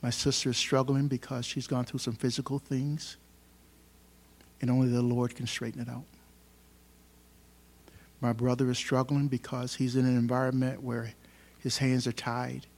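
Male pastor, mid-pitched voice, emphatic sermon delivery, loud and soft by turns, church setting. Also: little pitch movement, normal speed, long pauses. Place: church hall.

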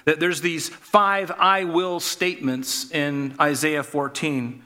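A man's voice: fairly high pitch, level tone, takes it slowly, bright, forceful tone. A man preaching a sermon, reading scripture aloud and then explaining it conversationally, calling the listeners folks and asking them questions. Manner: addresses the listeners as folks, asks rhetorical questions.

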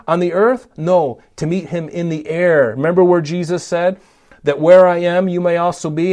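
A man's voice: on the high side, a little mellow. A man preaching a Bible-teaching sermon, emphatic, often saying "notice" and asking his listeners questions.

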